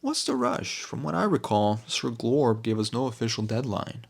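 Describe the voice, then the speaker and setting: A man's voice: medium pitch, very animated, moderate pace, vocal fry, breathy edge, heavily acted. A man voicing a polite, curious young servant who asks careful questions. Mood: inquiring. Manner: polite, inquiring.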